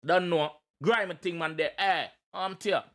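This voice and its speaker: A Jamaican man with a high, lifted voice reacts to a track in animated patois. He jokes, shouts and chants, with his energy spilling over. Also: moderate pace. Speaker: reaction video host.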